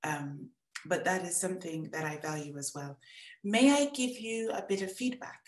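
A woman from the United States teaching a writing workshop on a video call, gentle and encouraging as she gives feedback. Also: lowish voice, lively intonation, moderate pace, reverberant.

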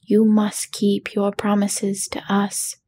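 A woman's voice: mid-range voice, monotone, slow pace, warm tone, slightly rough. A woman voicing an earnest, questioning young girl in whispered role-play. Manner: insistent, puzzled.

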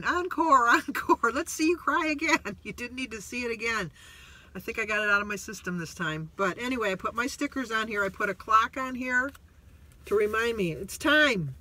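A man's voice: sits high, bright, forceful tone. A middle-aged man vlogging from a parked car, talking in a rambling, emotional, self-deprecating way with many restarts. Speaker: vlogger on a weight-loss journey. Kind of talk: casual vlog monologue.

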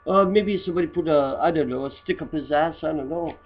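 Guy doing a rude rambling dude, broken english, husky voice, muffled lo-fi home audio. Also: a little high, fast talker. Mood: mocking. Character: crude, rambling immigrant guy mocking photos. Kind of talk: comedy satire monologue.

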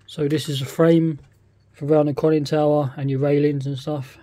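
British guy unboxing a scale model, low-key and monotone, keeps saying he's not sure. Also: moderate pace. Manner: hesitant, often unsure, thinking aloud. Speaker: scale model kit reviewer. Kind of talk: casual unboxing commentary.

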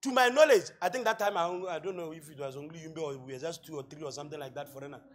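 A male pastor with a Botswana accent preaching a sermon, asking rhetorical questions and building to loud shouts. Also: a little high, rapid-fire. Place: church hall.

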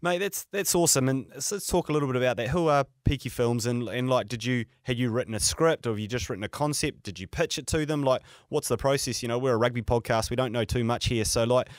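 A man's voice: mid-range voice, fast, hardly any pauses, dry recording. A man hosting a podcast, asking friendly, matey questions with easy restarts. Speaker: podcast host. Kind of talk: casual interview hosting.

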